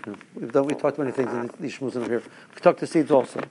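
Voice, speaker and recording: Gravelly man giving a Torah talk. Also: mid-range voice, fast, darkish tone, a little hiss or hum. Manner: rambling, restarts, storytelling asides.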